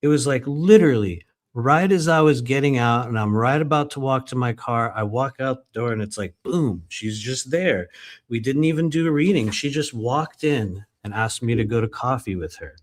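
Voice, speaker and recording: Brief: man, mid-pitched, reading his own memoir live, chatty, swears, laughs, wanders off into asides. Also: normal speed. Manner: chatty, swears, laughs often, breaks off to comment.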